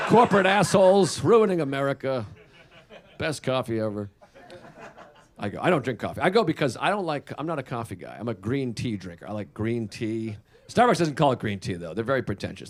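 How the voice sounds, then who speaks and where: A man doing a stand-up comedy set, self-deprecating and neurotic, with rambling asides and quoted voices acted out. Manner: acts out quoted voices with big jumps in pitch. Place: stage of a comedy venue with a live audience. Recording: live show with audience laughter. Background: crowd laughing.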